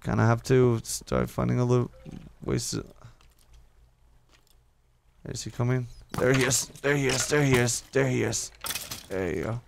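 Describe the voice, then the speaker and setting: A man's voice: medium pitch, fairly even intonation, unhurried, creaky, long pauses, noisy background. A young man commentating his own game play, talking to himself, swearing often and repeating words when he panics. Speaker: gaming YouTuber. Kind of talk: casual let's-play commentary.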